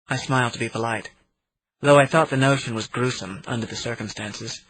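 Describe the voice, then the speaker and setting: A man narrating an audiobook in the first person, in a steady reading manner. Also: mid-range voice, brisk, slight background noise, rough recording. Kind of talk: scripted narration.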